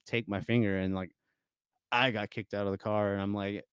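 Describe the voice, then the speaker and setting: A man's voice: lowish voice, fairly even intonation, moderate pace, clean tone, no room sound. A young man telling stories as a podcast guest in a casual, rambling way, full of fillers and restarts. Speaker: guest musician.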